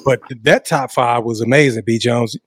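A man's voice: mid-range voice, moderate pace, no room sound, clean studio sound. A man co-hosting a sports podcast, asking questions in a joking, teasing way. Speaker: podcast co-host. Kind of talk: playful podcast chat.

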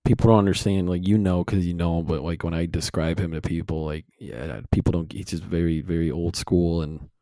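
A young man with a deep, warm voice co-hosts a casual podcast. He tells lively stories and jumps into louder voices for the people he quotes. The sound is dry and close. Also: a little fast, few pauses, no room sound. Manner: animated storyteller, acts out quotes loudly. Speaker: podcast co-host. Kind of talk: casual chat.

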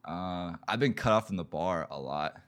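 A podcast host chatting casually, telling rambling, profane stories full of fillers. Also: male voice, sits low, animated, moderate pace, fairly bright tone, clear, resonant tone.

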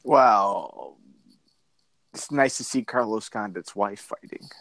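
A man's voice: slow, vocal fry, a bit bright, no echo. Rambling, joking podcast co-host man. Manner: rambling, crude joking, many fillers and restarts, jumpy pitch. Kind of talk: casual podcast banter.

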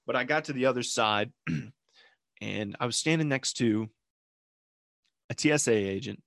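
A man's voice: mid-range voice, a little slow, vocal fry, a bit bright, dry recording, clean studio sound. A man chatting casually as a podcast co-host, telling a rambling story and acting out what people said. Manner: rambling storyteller, acts out quotes. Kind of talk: casual chat.

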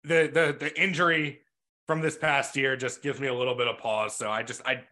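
Male co-host with a bright, forceful voice, easygoing and quick to laugh. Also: mid-range voice, level tone. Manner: chatty, laughs often, loose asides. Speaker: podcast co-host. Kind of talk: casual podcast chat.

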